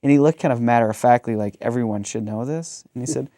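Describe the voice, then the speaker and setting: Pastor guy in his 30s telling a story, mellow dark tone, dry sound. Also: mid-range voice, brisk, dry recording. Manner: reflective storyteller, frequent ums. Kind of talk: conversational theological discussion.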